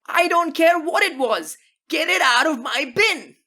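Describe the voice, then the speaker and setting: A woman voicing an angry middle-aged man who rants and yells at a passerby. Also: high voice, expressive, a little slow, voice pushed up, heavily acted. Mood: furious yelling. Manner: shouting, ranting. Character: furious middle-aged man yelling about his bin.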